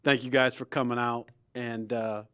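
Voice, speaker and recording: A man giving a relaxed sign-off as host at the end of a show. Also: medium pitch, moderate pace, smooth. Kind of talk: closing announcement.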